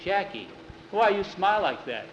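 A man's voice: high-pitched, big pitch swings, moderate pace, highs cut off, a little hiss or hum, pitched above the performer's own voice. Man doing wheedling captor in broken English. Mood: pleading. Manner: coaxing, pleading, simple broken speech. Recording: roomy echo.

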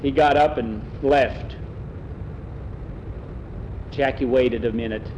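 A man's voice: medium pitch, fairly even intonation, takes it slowly, a little mellow, slight background noise, low-quality recording. A man telling a story aloud in a plain, folksy way, often repeating "he says". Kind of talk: oral storytelling.

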